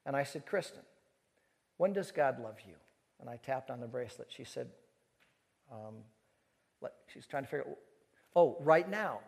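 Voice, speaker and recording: A man preaching to a live audience, telling a story with lively acted-out dialogue. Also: medium pitch, moderate pace, vocal fry, long pauses. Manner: animated storyteller who acts out dialogue. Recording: long reverb of a large hall.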